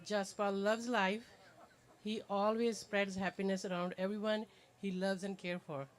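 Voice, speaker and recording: An older woman reading a tender, measured birthday speech at a party as a mother figure. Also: mid-range voice, little pitch movement. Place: party venue.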